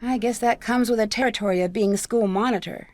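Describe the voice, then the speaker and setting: Woman voicing a curious girl detective, dry close studio sound, slightly high. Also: brisk, no room sound, faint music behind, close to an everyday voice. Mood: inquisitive. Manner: inquisitive, even questioning. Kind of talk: video game voice acting.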